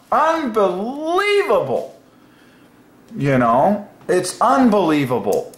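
A man hosting a casual solo video, musing aloud and breaking into excited exclamations. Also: lowish voice, unhurried. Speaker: religious video host. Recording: echoey room with faint noise.

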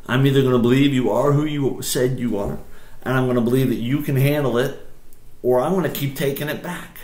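A man preaching in a relaxed, conversational voice of ordinary pitch, restarting phrases and then pressing harder on key points. The room carries a noticeable echo. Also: normal speed. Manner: conversational, rising to emphatic bursts, frequent restarts. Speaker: pastor. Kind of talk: sermon.

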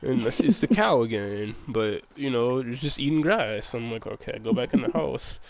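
A man's voice: medium pitch, big pitch swings, moderate pace, gravelly, slight background noise. A man telling a rambling, profane story in a casual chat, full of laughs.

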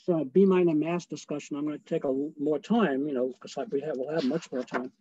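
A man leads a choral lecture over a video call in a relaxed, chatty way and sings short phrases to show his points. His voice sits fairly high and sounds mellow. The call audio is dull and dry. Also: dry recording. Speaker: choral conductor giving a lecture. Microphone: video call microphone.

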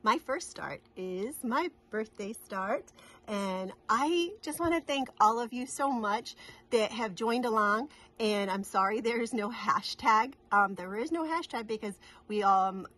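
A woman's voice: fairly high pitch, animated, a little slow, fairly bright tone. A middle-aged woman from New England, chatting casually to camera in a rambling, giggly way with many restarts. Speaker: cross-stitch vlogger.

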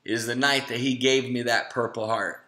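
A man's voice: mid-range voice, fairly even intonation, normal speed, sharp tone. A man in his thirties giving a motivational webinar talk, telling a personal story and acting out the voices he quotes. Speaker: webinar speaker. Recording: echoey room.

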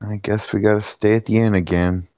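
Player: a low-voiced man, casual and halting. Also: fairly even intonation, a little mellow, highs cut off. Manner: halting, with fillers and restarts. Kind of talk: casual chat in a tabletop game.

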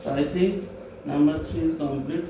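A man's voice: a little high, measured pace. A male French teacher, patiently repeating each word and spelling it out letter by letter for a class. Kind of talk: slow classroom dictation, spelling words letter by letter. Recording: echoey classroom with faint hum.

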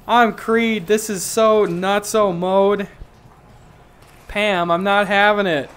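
A man putting on a voice for a spaced-out, wacky old office man who talks slowly and dopily. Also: sits high, steady tone, a bit bright, clear, resonant tone. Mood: dopey.

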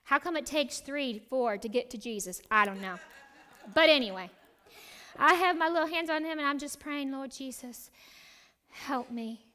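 A middle-aged woman teaching a Bible study, telling a personal story with animated, acted-out lines and whispered prayer. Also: sits high, moderate pace.

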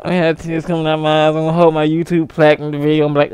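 Male gaming vlogger, comic and theatrical, bursts into high mock-sobbing acceptance speeches; smooth, clean tone. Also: little pitch movement, racing, few pauses, a little mellow, lo-fi sound. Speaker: gaming YouTuber. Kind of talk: comedic vlog rant.

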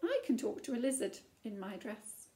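A woman's voice: fairly high pitch, very animated, moderate pace, dark tone. A woman voicing a spirited, defiant young princess in a children's story, boasting boldly. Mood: proud. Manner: bold, determined boasting.

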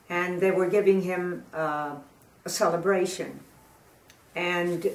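An older woman telling jokes in a chatty, halting way, laughing at her own punchlines. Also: on the low side. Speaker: guest storyteller. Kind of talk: telling jokes in casual chat. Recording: roomy sound from a distant mic.

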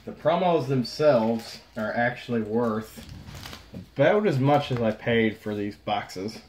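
A young man casually talking through opening trading card packs on a vlog, frustrated, swinging between low muttering and sudden outbursts. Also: expressive, slow pace, a little mellow, a little hiss or hum. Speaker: card pack opener.

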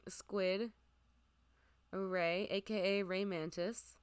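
A young woman streaming a game, chatting casually and listing what she sees, sometimes dropping to a soft near-whisper. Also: medium pitch, steady tone, slow pace, clean tone, dry recording. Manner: chatty, lists items aloud, drifts into soft near-whispers. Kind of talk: casual gameplay commentary.

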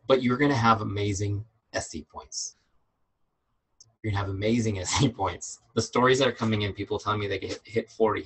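A man's voice: lowish voice, sharp tone, breathy edge, poor audio. A middle-aged man leading a business training webinar, emphatic and fired up, repeating his key points. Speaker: business coach.

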